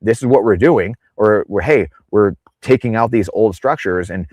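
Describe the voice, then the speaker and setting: In relaxed interview talk on a podcast, this guest speaks at a moderate pace in a lower, slightly mellow voice. He drifts into tangents and performs quoted people with exaggerated voices, all captured without echo.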